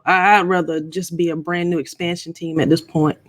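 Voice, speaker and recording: A woman's voice: lowish voice, level tone, brisk, no room sound. Middle-aged lady chatting on her live stream, playful and teasing, talks right to the viewers. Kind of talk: casual live stream chat.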